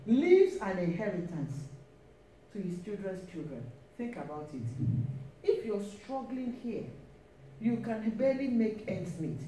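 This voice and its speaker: A woman preaching a sermon, emphatic and repeating key phrases with frequent calls of praise. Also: mid-range voice. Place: church hall. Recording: echoey church, mic at a distance, faint hiss.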